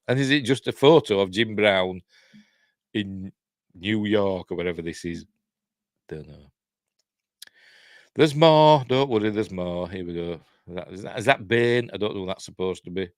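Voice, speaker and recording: A man's voice: lowish voice, dry recording, studio quality. An older man with a Yorkshire accent hosting a live stream, musing aloud casually with wry asides that trail off. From Yorkshire, England. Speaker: host of a live news stream. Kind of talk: casual chat.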